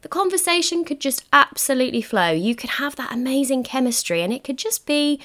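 A woman's voice: sits high, lively intonation, fairly quick, a bit bright. A young woman hosting a solo podcast as a manifesting coach. She talks emphatically and encouragingly, often putting questions straight to the listener.

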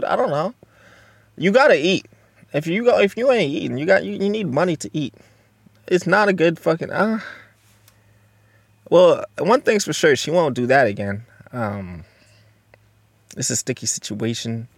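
A man's voice: on the high side, dry recording. Profane, rambling male podcast host. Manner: profane, blunt, rambling with many fillers. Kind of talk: solo podcast commentary.

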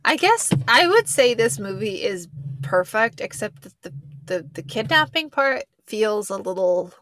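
A woman's voice: mid-range voice, very animated, unhurried, fairly bright tone, dry recording. A woman co-hosting a casual film review podcast, chatty and rambling. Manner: chatty, rambling, self-interrupting. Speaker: podcast co-host.

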